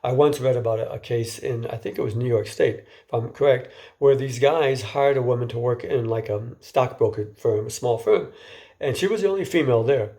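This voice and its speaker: A man's voice: mid-range voice, moderate pace, mellow. A man giving an informal lecture in a conversational way, often restarting and repeating words and asking his listeners questions.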